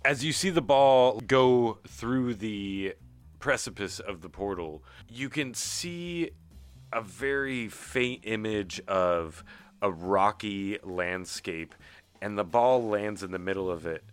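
A man's voice: lowish voice, expressive, slow pace, smooth, soft background music. A man running a tabletop game as game master, narrating vivid descriptions.

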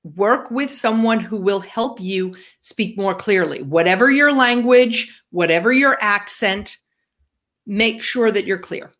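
Slow-paced New York woman cohost. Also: medium pitch, a bit bright. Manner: direct, instructive, coaching tone. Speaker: podcast co-host. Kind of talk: podcast chat giving business advice.

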